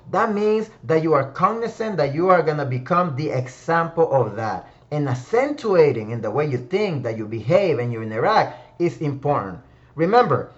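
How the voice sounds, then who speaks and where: Lively high-voiced motivational man. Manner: preachy, emphatic, repeats key phrases. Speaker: motivational speaker. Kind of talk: motivational talk. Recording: dull lo-fi sound.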